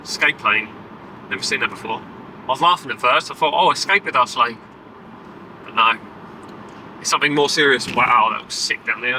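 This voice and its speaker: A man chatting casually and excitedly to camera as a travel vlogger, driving and walking about. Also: medium pitch, a little fast, pauses often, a little hiss or hum, poor audio. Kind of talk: casual travel vlog chat. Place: in a car and outdoors.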